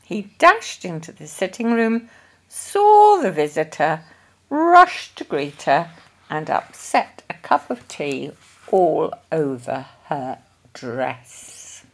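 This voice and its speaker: A woman reading a children's story aloud in a gentle, deliberate storytelling manner. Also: sits low, sing-song. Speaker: storybook reader.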